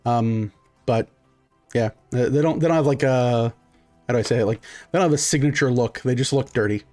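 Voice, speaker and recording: Game master man rambling through scenes, middle pitch, dry close mic. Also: fairly quick, a little mellow, dry recording, soft background music. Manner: rambling, many fillers and restarts. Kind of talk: narrating a tabletop game.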